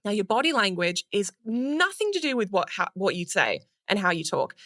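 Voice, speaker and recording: An Australian woman, a public speaking coach, giving energetic, playful advice in a podcast interview and casually swearing now and then. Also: medium pitch, no echo, studio quality.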